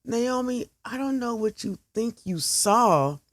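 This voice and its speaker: A woman's voice: on the high side, expressive, slow, no room sound, voice pushed up. A woman voicing a cornered young woman who snaps back defensively and resentfully. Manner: performative, snapping, resentful.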